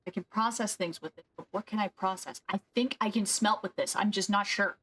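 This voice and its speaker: A woman's voice: mid-range voice, brisk, fairly bright tone, a little hiss or hum. A woman streaming a game, thinking aloud and questioning herself as she works through a problem. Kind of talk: casual gameplay commentary.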